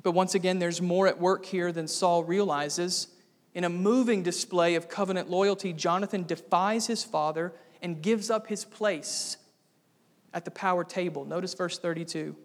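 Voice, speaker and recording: High-voiced pastor preaching in a hall. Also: male voice, steady tone, moderate pace. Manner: emphatic, with sudden dramatic rises in pitch and volume. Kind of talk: expository sermon. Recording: long hall reverb.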